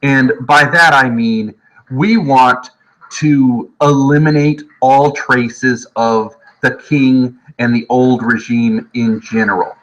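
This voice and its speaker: Guy teacher recording a history lesson at home, bright punchy voice, jokey and animated. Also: medium pitch, poor audio. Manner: lively, jokey, acts out quick voices of historical people. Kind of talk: casual recorded lecture.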